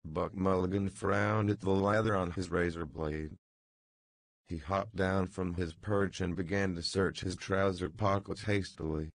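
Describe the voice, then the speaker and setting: A man narrating a classic novel as an audiobook, in a measured reading. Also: low voice, steady tone, no room sound.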